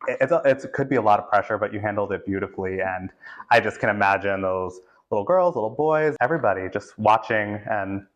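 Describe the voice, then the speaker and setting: A man's voice: lowish voice, fast, lo-fi sound. Affirming man hosting an interview. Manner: affirming, frequent mm-hmms and yeahs. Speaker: interviewer host. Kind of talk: casual interview conversation.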